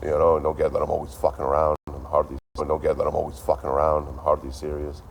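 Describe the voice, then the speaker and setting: A man's voice: extremely low pitch, monotone, fast talker, gravelly, a little hiss or hum. A man in his thirties chatting casually on a livestream, with a dry, joking delivery and a lot of swearing. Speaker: livestream host.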